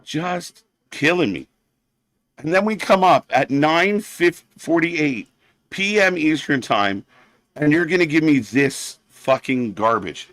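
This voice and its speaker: Man, fairly high voice, dry close mic; blunt, sarcastic wrestling stream host, swears a lot, heated rants. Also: expressive, takes it slowly, a bit bright, dry recording. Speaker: live-stream wrestling commentator. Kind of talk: profane ranting watch-along commentary.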